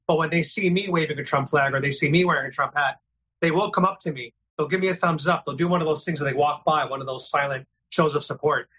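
An earnest man from New York City speaks as a guest in a casual interview, laying out his experiences plainly. His voice sits a bit high for a man, with a bright, tense edge and a husky grain. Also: fast, lo-fi sound.

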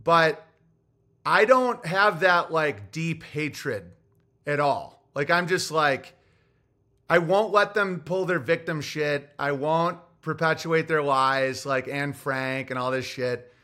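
Forceful, profane male podcast ranter. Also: on the high side, expressive, slow. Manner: profane, heated storytelling. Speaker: podcast host. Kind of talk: casual ranting monologue.

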